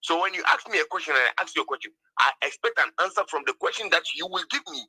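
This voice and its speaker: Man debater, sharp-toned and fast, deflects with questions; dry recording. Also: on the high side, expressive, husky, no room sound, poor audio. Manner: defensive, answers with counter-questions. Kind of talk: heated religious debate.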